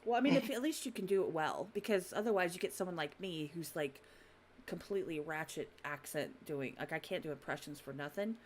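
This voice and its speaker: A woman's voice: low-pitched, fairly quick, a little hiss or hum. A woman hosting an unscripted podcast, chatty and giggly. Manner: giggly, chatty, swears freely. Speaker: podcast host. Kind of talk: casual unscripted chat.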